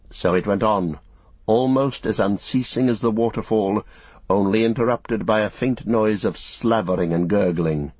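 A man steadily narrating an audiobook in a measured storytelling manner. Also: fairly low pitch, darkish tone, slightly rough, dry recording. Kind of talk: scripted narration. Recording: dull, muffled recording.

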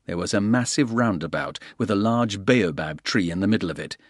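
A man reads an action thriller aloud in a steady, brisk manner. His voice sits low, and the recording is dry and close with no room sound. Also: no room sound. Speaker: audiobook narrator. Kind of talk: scripted narration.

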